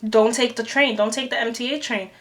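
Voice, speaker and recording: Young woman, vlogger, storytime, animated, acts out quotes, bright tone. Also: on the high side, a little fast. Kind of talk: storytime vlog. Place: New York City.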